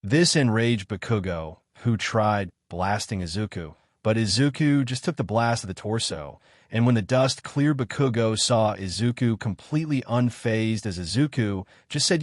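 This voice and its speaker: A man narrating a fan fiction story in a steady, plain read. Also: fairly low pitch, normal speed, dry recording, studio quality.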